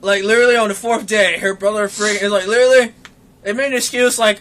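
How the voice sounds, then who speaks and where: A young man co-hosting a casual podcast, telling a story with lots of swearing and acting out the quotes in an animated way. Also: high voice, fast. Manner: animated, profane, acts out quotes. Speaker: podcast co-host.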